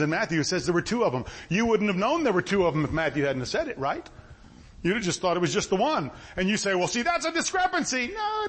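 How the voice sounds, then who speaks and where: A man's voice: high-pitched, husky. A man preaching a sermon in a folksy style, asking his listeners questions again and again. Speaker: pastor.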